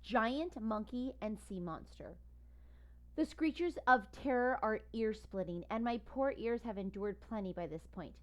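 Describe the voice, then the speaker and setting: A woman reading a first-person children's story aloud with lively, expressive narration. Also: fairly high pitch, unhurried. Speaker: audiobook reader.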